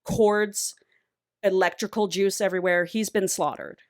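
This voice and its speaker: A woman co-hosting a podcast, retelling a novel in an animated, casual way and swearing freely. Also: mid-range voice, measured pace, no room sound, clean studio sound. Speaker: podcast co-host. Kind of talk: casual book recap.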